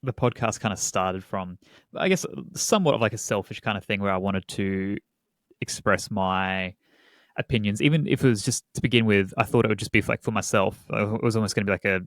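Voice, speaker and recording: Low-voiced young man, hesitant and dry. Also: fairly quick, dry recording. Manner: hesitant, many fillers, agreeable. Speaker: podcast host, guest. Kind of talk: casual interview chat.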